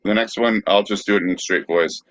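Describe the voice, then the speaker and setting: Deep-voiced, hesitant podcast co-host man. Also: steady tone, fairly quick, fairly bright tone, dry recording. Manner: hesitant, dry, reading out bits. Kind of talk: comedic podcast banter. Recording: dry, dull lo-fi sound.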